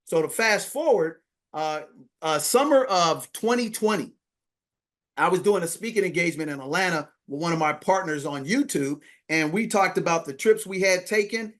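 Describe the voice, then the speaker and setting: A man who is a podcast guest, telling a story in an animated way and acting out the dialogue. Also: sits high, normal speed. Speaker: podcast guest, money coach. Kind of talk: storytelling interview.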